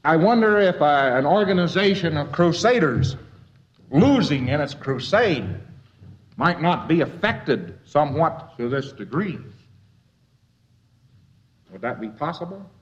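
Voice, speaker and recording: A man's voice: on the high side, sing-song, a little slow, pauses often. A man giving a lecture in a folksy, wry, rambling way. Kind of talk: lecture to a live audience. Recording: dull lo-fi old lecture tape.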